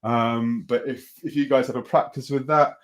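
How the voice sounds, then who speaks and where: A young man leads a beatbox workshop in a relaxed, encouraging way. He pauses often with ums and uhs and restarts his sentences. His voice sits at an ordinary middle pitch. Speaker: beatbox teacher. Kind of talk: online workshop lesson.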